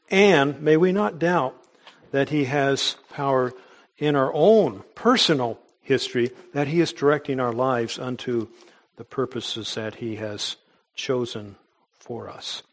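A man preaching a sermon in an earnest, emphatic way, with small restarts as he goes. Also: medium pitch. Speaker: pastor.

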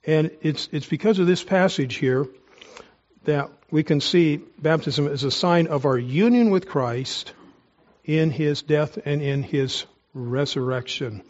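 Earnest preacher with a strained voice. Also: male voice, fairly high pitch, a little mellow, dull audio. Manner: earnest, emphatic, pauses to ask listeners directly. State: strained voice, taking cough drops. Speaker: pastor. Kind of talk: sermon.

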